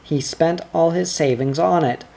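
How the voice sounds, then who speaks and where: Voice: medium pitch, measured pace, vocal fry, dark tone. A reader voicing a pleading loyal dachshund. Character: loyal, brave male dachshund.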